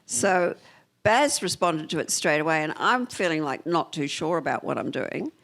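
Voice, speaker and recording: A woman's voice: low voice, lively intonation, normal speed, creaky, a bit bright. An older Australian woman, a film editor, chatting onstage in a rambling way full of fillers. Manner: chatty, trailing off with many fillers. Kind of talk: onstage conversation.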